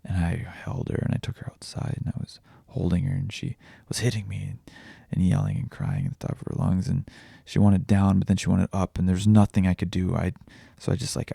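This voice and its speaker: A young adult man talking candidly in a personal vlog, halting and confessional, swearing often. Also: low voice, creaky, dark tone, breathy edge, dry recording, studio quality. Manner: raw, halting, confessional, with frequent swearing and restarts. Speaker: vlogger and podcaster.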